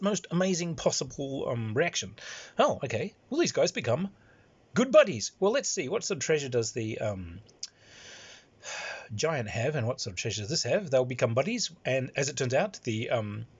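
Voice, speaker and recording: Husky man rambling through a game story. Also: mid-range voice, very animated, moderate pace. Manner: rambling, lots of fillers and chuckles. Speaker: game master. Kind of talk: anecdotal storytelling. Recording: dull lo-fi recording.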